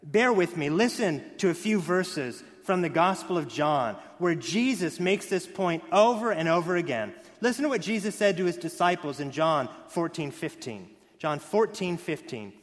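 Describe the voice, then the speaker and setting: A man preaching a sermon, stressing key words loudly and then dropping to hushed lines. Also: fairly high pitch, expressive, normal speed, few pauses. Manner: emphatic, swings between loud stresses and hushed lines. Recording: long hall reverb.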